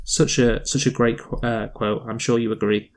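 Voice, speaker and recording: A man's voice: mid-range voice, fairly even intonation, moderate pace. A man co-hosting a film review podcast in casual chat, rambling with frequent restarts and fillers. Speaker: podcast co-host reviewing films.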